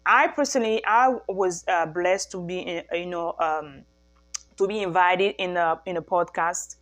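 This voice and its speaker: A woman's voice: lowish voice, unhurried, fairly bright tone. A woman speaking to camera in an earnest personal testimony as a mother, repeating her phrases for emphasis and often restarting her sentences. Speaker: mother sharing a faith-based healing message.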